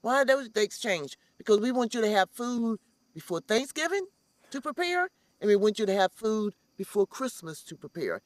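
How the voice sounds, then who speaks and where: A woman's voice: a little high, sing-song, normal speed, no room sound. A woman who organizes a community farm, speaking earnestly in an interview and repeating phrases for emphasis. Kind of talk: heartfelt interview talk.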